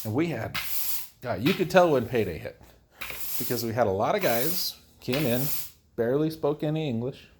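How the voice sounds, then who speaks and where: Rambling, outspoken man with a lively voice. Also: mid-range voice, normal speed, noisy background. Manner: rambling and outspoken, jokes about himself. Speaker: DIY builder host. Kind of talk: casual talk while building.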